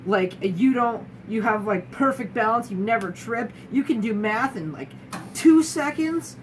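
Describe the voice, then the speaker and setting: A woman's voice: on the high side, expressive, a little slow. Young woman, wry, candid, lots of restarts, sounds a bit far off from the mic, noisy room. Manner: candid, wry, restarts often, mimics others mid-sentence. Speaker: guest sharing her experience. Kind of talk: casual talking-head chat.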